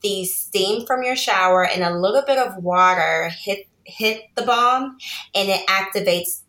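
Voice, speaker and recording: A woman's voice: medium pitch, measured pace, bright, forceful tone. A woman in her thirties, a podcast guest and small business owner, explaining things at length in casual chat and laughing often. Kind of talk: casual interview talk. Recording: roomy echo.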